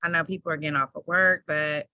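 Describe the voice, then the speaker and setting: A woman's voice: low-pitched, steady tone, fast, pushed and bright, no echo, lo-fi sound. A woman hosting a mentorship program on a video call, chatting enthusiastically with her guest and laughing often. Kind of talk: casual chat with guest.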